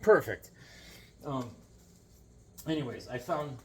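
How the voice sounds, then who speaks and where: A man's voice: mid-range voice, expressive, slow, fairly bright tone, a little hiss or hum. A man chatting casually and enthusiastically about his comic finds, rambling and joking as he goes. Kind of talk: casual chat.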